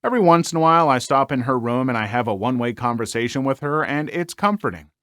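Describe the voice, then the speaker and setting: A man hosting a story channel, reading online stories aloud and commenting on them in an animated, exclaiming way with frequent filler words. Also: medium pitch, quick pace, dry recording, clean studio sound.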